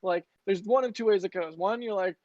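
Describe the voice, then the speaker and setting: A livestream co-host chatting casually and reading viewer messages aloud, laughing often between quick asides. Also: medium pitch, darkish tone, no room sound. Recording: muffled lo-fi dry audio.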